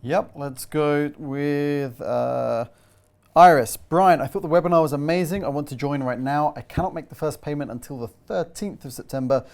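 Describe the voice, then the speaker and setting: A man's voice: on the high side, normal speed, gravelly, a little mellow. A man co-hosting a webinar, plainly reading out viewer questions and the names of new sign-ups.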